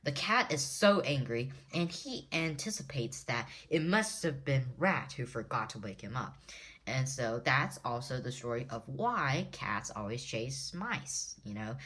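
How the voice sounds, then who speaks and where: Slow, low-voiced woman teaching a lesson. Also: very animated, fairly bright tone. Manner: slow, repeats words syllable by syllable. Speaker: language teacher.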